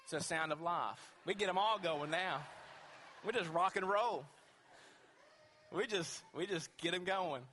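Emphatic high-voiced male pastor preaching. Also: a little slow, pauses often, pushed and bright, a little hiss or hum. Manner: emphatic, asks the congregation rhetorical questions. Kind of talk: sermon. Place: church sanctuary with long reverb. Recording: reverberant church hall.

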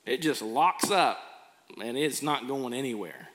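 A male pastor preaches a sermon earnestly, acting out people's reactions as he quotes them. His medium-pitched voice is expressive and fairly bright in tone, a little slow, with long hall reverb around it.

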